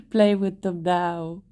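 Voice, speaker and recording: A woman streaming live, chatting in a rambling way, greeting viewers and laughing often. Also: medium pitch. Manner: talks softly to her rabbits, sometimes whispering. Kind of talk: casual live-stream chat.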